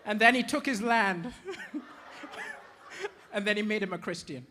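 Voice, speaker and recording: A man from Malawi doing stand-up comedy, telling stories with animated, punchy delivery. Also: high voice, slow, big-room sound, slight background noise.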